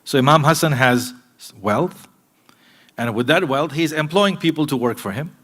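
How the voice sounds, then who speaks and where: A man delivers a sermon in a mosque, his voice sitting a little higher than most men's. He talks straight to his listeners in an earnest, direct way, pressing some points hard and dropping others to a near hush. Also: lively intonation, normal speed. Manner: earnest and direct, addressing listeners, swinging from emphatic to hushed. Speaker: mosque preacher. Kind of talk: sermon to a live congregation.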